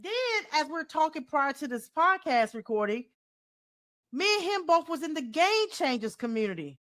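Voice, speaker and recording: Bright, lively Southern woman. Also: high-pitched, moderate pace. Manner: expressive, exclaiming, churchy. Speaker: podcast host and coach. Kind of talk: casual podcast interview.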